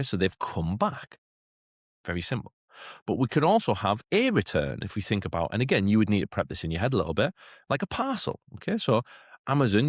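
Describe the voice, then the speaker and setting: Deep-voiced man explaining teaching. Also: no echo, clean studio sound. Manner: chatty, keeps asking "okay?"; lifts into a bright classroom voice for demonstrations. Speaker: teacher trainer. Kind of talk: teacher training talk.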